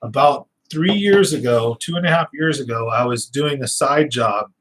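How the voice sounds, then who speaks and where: A man's voice: mid-range voice, normal speed, a bit bright, poor audio. Rambling man with a slight lisp. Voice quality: slight lisp, sometimes gets stuck on words. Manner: loose storytelling with fillers and restarts. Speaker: fishing channel host. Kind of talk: casual rambling chat.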